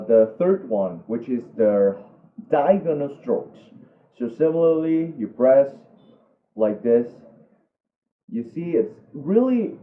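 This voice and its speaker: A young man whose first language is Vietnamese teaches brush calligraphy in a casual tutorial, halting often with fillers and restarts. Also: mid-range voice, reverberant. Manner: halting, many fillers and restarts, friendly asides. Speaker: calligraphy instructor. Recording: tinny phone-like audio.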